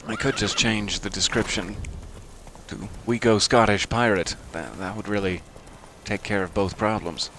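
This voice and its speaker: A man's voice: deep voice, fairly even intonation, normal speed, noisy background. A man giving casual, chatty commentary while playing a video game, thinking aloud and joking at himself. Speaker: let's play gamer.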